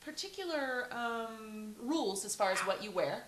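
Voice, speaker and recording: A woman co-hosting an online morning show, telling a story in a lively, easygoing way and laughing easily. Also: fairly high pitch, normal speed, roomy sound. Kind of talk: casual chat.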